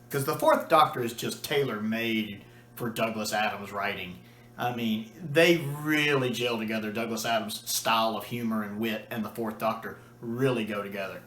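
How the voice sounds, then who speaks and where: A man's voice: medium pitch, a bit bright, roomy sound. A man chatting casually and enthusiastically as a video reviewer, with a few restarts and fillers. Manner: enthusiastic, acts out quoted lines.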